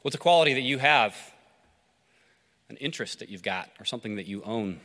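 Reflective preacher man, bright hall sound. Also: mid-range voice, expressive, fairly quick. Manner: reflective, asks listeners questions. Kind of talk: sermon told as a story. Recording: long hall reverb.

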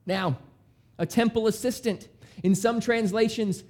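A man preaching a sermon as pastor, in a lively, conversational style that acts out the quotes he retells. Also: high voice, a little slow. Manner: animated, conversational preaching with dramatic voiced quotes.

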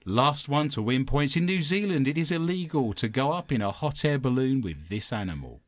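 Man hosting a joking quiz, very lively pitch. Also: normal speed, no echo. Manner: jokey, laughs at his own puns. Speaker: quiz host. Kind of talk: comedic podcast chat.

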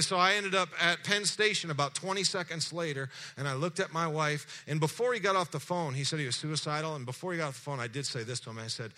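A middle-aged man, a pastor preaching a sermon as a lively story, acting out dialogue and asking the congregation questions. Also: a little high, fast, hardly any pauses.

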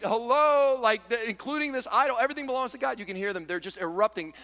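A man preaching a sermon in an animated way, acting out the voices of church members. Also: sits high. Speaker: pastor. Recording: long hall reverb.

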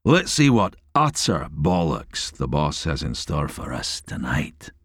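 A man voicing a burly young male Glaswegian police officer with a rasping voice, teasing and dry. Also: a bass voice, huge pitch swings, a little slow, a bit bright, dry recording, heavily acted. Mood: gruff. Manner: taunting, dry.

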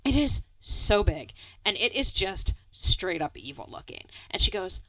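A woman's voice: medium pitch, unhurried, hardly any pauses, dry recording, low-quality recording. A young woman telling a rambling story in casual chat, full of "like" fillers, laughing and swearing now and then. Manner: animated, many "like" fillers, swears, laughs often.

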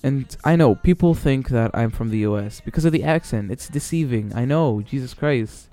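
A man's voice: medium pitch, moderate pace, mellow. A man hosting his own solo podcast, rambling casually and swearing, with many fillers and restarts. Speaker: podcast host. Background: faint background music.

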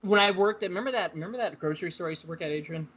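Dude rambling through a story, laughs a lot, kinda high voice, muffled lo-fi audio. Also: male voice, rapid-fire, a bit bright, a little hiss or hum. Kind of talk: casual chat. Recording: dull lo-fi sound.

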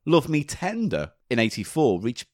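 Animated man, lively pitch. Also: moderate pace, dry recording, studio quality. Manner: animated, playful shouting of mock dog names. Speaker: podcast co-host. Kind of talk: casual chat.

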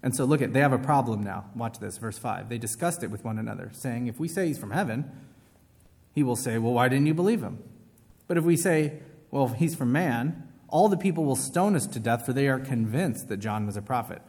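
A man's voice: mid-range voice, animated, a little fast, a little mellow, in a large hall. A man preaching a sermon in a casual, conversational way, often asking his listeners questions. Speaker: pastor.

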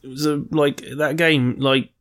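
A man's voice: a little high, little pitch movement, unhurried, fairly bright tone. A man co-hosting a podcast in casual chat, rambling, joking and swearing freely. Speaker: podcast co-host.

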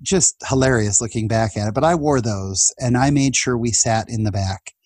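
Man in his 40s, husky voice, dry close sound, earnest storytelling, casual podcast guest. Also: mid-range voice, normal speed, a little mellow, dry recording. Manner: earnest, emotional, laughs between lines.

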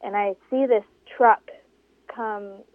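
A desert racer, appearing as an interview guest, tells a race story slowly over a tinny phone line that sounds dry. She voices the people she quotes with dramatic pitch leaps, telling it all with lively energy.

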